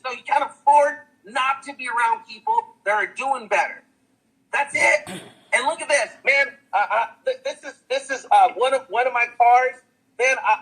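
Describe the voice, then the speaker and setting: Man, high husky voice, excitable motivational testimonial, repeats himself, talks straight to camera. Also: poor audio. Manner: hyped, repetitive, preachy, says "guys" and "guess what" a lot. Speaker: testimonial speaker.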